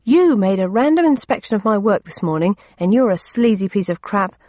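A woman's voice: medium pitch, lively intonation, a little fast, dark tone, dry recording, close to an everyday voice. Woman voicing an indignant growling workman. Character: man named Towel, angry defensive workman. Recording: dull lo-fi audio.

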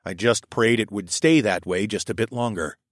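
A young adult man narrating a first-person adventure story in a steady storytelling voice. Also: moderate pace, no echo, studio quality. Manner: steady storytelling, voicing his own lines louder and higher.

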